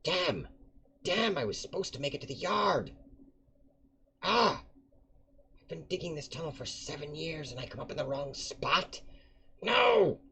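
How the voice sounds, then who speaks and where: A man's voice: on the high side, sing-song, unhurried, long pauses, pushed and bright, a little hiss or hum, pitched above the performer's own voice, heavily acted. Man doing a frantic scrawny old prisoner. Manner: exclaiming, old-fashioned phrasing. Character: gaunt old male prisoner, frantic and cranky. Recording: dull lo-fi recording.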